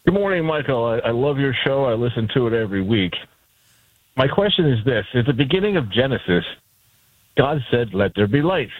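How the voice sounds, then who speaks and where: A man's voice: mid-range voice, sing-song, a little fast, no echo. Male caller on a tinny phone line. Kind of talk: call-in question.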